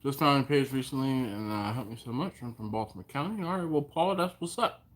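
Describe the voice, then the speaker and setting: A relaxed man talks on a live stream through his phone's mic at home, with a voice of ordinary mid pitch. He reads viewers' comments aloud in an easygoing way, greeting people by name and chuckling often. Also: brisk. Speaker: host of a barbecue live stream. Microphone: phone on a mount.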